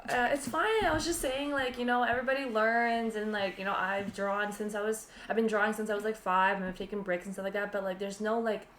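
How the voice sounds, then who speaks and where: Woman, podcast co-host, rambling storyteller, lots of fillers, mid pitch, roomy echo. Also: a little fast, few pauses, slight background noise. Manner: rambling, animated retelling with frequent laughs and fillers. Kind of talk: casual storytelling chat.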